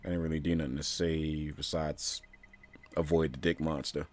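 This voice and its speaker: Grumbling and talking back to the game itself, a male streamer gives casual, profane commentary while he plays. His voice is very deep, his delivery flat, and his pace moderate.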